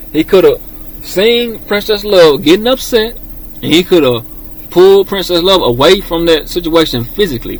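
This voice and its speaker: A man's voice: on the high side, a little hiss or hum, rough recording. A man giving casual relationship advice straight to his viewers, stressing and repeating his key points.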